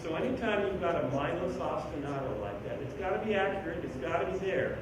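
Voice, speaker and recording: A man with a somewhat high voice coaches a school band in an animated, joking way, singing out rhythms between instructions. He is heard from far off in a very echoey band room. Steady noise sits behind him. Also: fast. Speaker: band clinician conducting a rehearsal. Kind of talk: rehearsal instruction.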